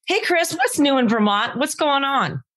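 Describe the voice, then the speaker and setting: A woman's voice: sits high, animated, moderate pace, fairly bright tone. A woman co-hosting a podcast, answering with wry, teasing remarks in casual banter. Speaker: podcast co-host.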